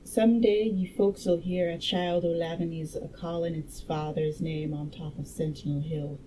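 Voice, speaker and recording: A woman's voice: lowish voice, steady tone, measured pace, dark tone, a little hiss or hum, close to an everyday voice, low-quality recording. A woman reading aloud and voicing a proud, cryptic old farmer man in a thick rural dialect. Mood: boastful.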